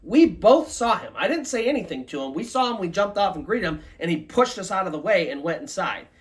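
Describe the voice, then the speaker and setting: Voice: medium pitch, big pitch swings, a little fast, close to an everyday voice. A storyteller voicing a worried young boy insisting he is telling the truth, in a ghost story. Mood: insistent.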